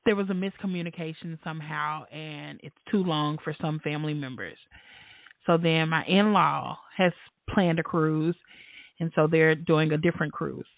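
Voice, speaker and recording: A woman hosting a casual podcast, an animated storyteller who laughs often and acts out the voices of the people in her stories. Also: sits low, normal speed, vocal fry, no room sound. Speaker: podcast host. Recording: tinny phone-like line, dry.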